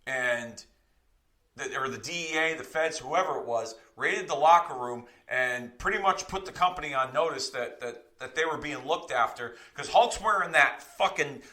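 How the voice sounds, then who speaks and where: A man's voice: on the high side, lively intonation, normal speed, bright, forceful tone. A man co-hosting a wrestling podcast, explaining in a rambling, profane, self-correcting way. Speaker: podcast co-host. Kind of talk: casual podcast commentary.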